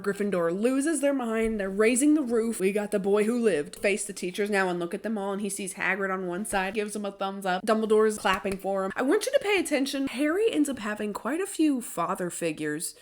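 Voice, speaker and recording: A woman's voice: mid-range voice, brisk, few pauses. A young adult woman, hosting a casual book breakdown with joking asides. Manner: animated, joking, chatty asides. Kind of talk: casual chat retelling a book.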